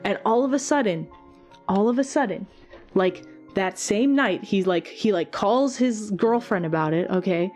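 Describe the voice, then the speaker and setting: A woman who is a singer, chatting casually in a Q&A video, retelling things with animated energy and plenty of swearing. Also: medium pitch, normal speed, faint music behind. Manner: animated, swears freely, many fillers. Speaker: singer and channel host. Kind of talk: casual Q&A storytelling.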